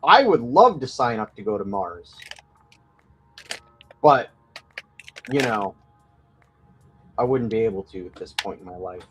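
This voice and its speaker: A man's voice: on the low side, big pitch swings, a little slow, pauses often, faint music behind, rough recording. A man in casual chat, responding easily and sharing his musings. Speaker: podcast co-host.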